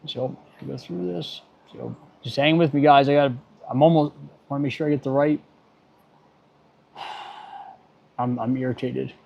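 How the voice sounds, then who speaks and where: A man's voice: mid-range voice, fairly even intonation, a little slow, vocal fry, pauses often, slight background noise. A middle-aged man, an automotive technician, chatting casually on a livestream while he works, muttering and getting irritated, with dry jokes. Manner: muttering, easily irritated, joking. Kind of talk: livestream chat while working. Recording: dull lo-fi stream audio.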